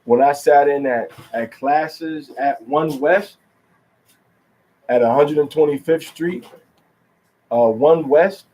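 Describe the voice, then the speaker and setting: A man gives a religious lesson at a slow, measured pace. His voice is dark and mellow, and he halts often with fillers and restarts. He stretches out the words he wants to stress. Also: a little high, rough recording. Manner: drawn-out stress on key words. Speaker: religious teacher. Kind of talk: teaching talk.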